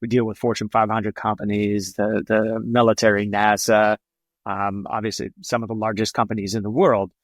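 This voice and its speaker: A man's voice: fairly low pitch, level tone, normal speed, no room sound. A man representing his company on a podcast, telling stories in a casual, rambling way with lots of fillers and restarts. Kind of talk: casual storytelling.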